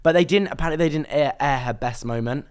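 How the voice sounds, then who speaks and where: A man's voice: medium pitch, fast, clean tone. A young man, a podcast guest, telling gossipy stories in casual chat and acting out other people's lines.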